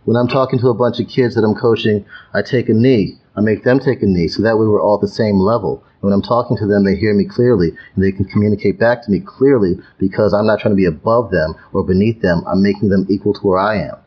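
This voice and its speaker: A man with a fairly low voice speaks emphatically as an interview guest, often repeating words before landing his point. The recording sounds slightly dull and muffled, with the highs rolled off. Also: fast, few pauses, breathy edge. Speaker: guest, youth coach. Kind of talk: conversational podcast interview.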